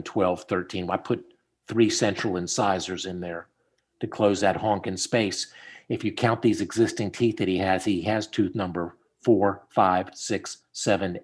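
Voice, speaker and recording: Low-voiced dentist teaching over a call. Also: male voice. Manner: storytelling, animated when quoting people. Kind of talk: casual teaching chat over slides. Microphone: video call.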